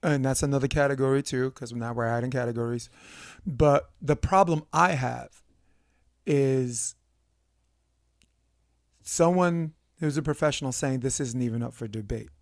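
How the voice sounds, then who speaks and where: A man's voice: mid-range voice, moderate pace, dry recording, clean studio sound. A man hosting a podcast, musing and rambling in casual conversation, often checking in with "right?". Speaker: podcast host.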